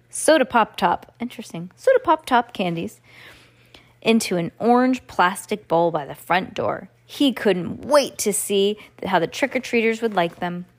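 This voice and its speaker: A woman reading a children's book aloud at home, casually stopping to comment and restart lines. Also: mid-range voice. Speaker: reader.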